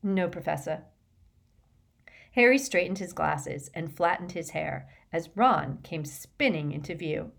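A woman narrating an audiobook in measured, even scripted narration. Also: lowish voice, gravelly.

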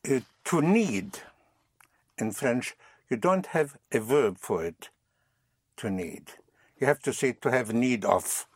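A man's voice: medium pitch, lively intonation, takes it slowly, pauses often, slightly rough, no room sound. A man teaching a language lesson, patiently prompting and repeating phrases.

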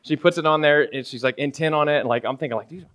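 Casual pastor preaching, slightly high voice. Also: male voice, fast, a bit bright. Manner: casual, keeps asking "right?" of the congregation; acts out everyday scenes in quoted voices. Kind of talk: conversational sermon.

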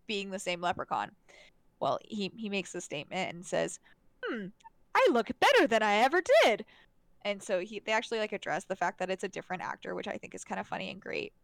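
A woman's voice: mid-range voice, creaky, fairly bright tone, no echo. Chatty woman recapping a movie, dry mic. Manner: chatty, laughs often, many fillers and restarts. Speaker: podcast co-host. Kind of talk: casual chat reviewing a movie.

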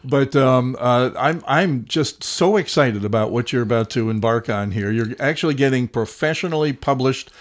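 A man's voice: mid-range voice, moderate pace, few pauses. A man hosting a radio interview, easygoing and teasing his guest. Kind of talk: casual interview.

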